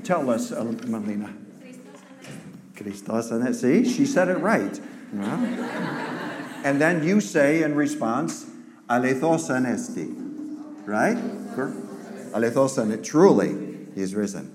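A pastor preaching an Easter sermon, animated and teasing, talking back and forth with his congregation. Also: medium pitch.

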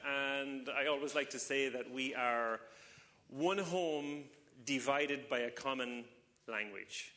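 A man's voice: mid-range voice, slow pace, sharp tone, in a large hall. A man in his thirties with a British accent, a visiting church speaker chatting and joking casually with the congregation. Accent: British English. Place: church service in front of a congregation.

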